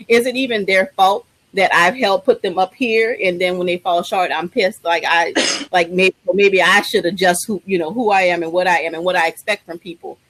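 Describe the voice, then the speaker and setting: A woman's voice: mid-range voice, a bit bright, dry recording, poor audio. Casual, slangy woman co-hosting a chat. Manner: casual and slangy, with frequent fillers. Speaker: web show co-host.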